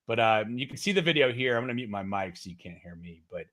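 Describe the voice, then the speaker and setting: A man hosting a casual live-stream news commentary, excitable, swearing and laughing as he talks. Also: mid-range voice, fast. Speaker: host of a political news stream. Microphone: streaming setup mic.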